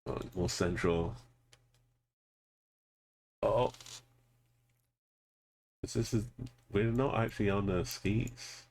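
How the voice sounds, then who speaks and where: Male streamer, low and gravelly, relaxed live-commentary delivery while playing. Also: extremely slow, pauses often. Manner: thinks aloud, greets chat viewers. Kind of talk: casual live gameplay commentary.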